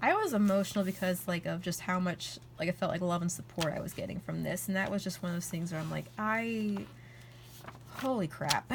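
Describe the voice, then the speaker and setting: A young woman vlogger chatting casually as she flips through her journal, rambling and excitable, with "like" in almost every sentence. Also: mid-range voice, slight background noise. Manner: rambling and excitable, heavy use of "like".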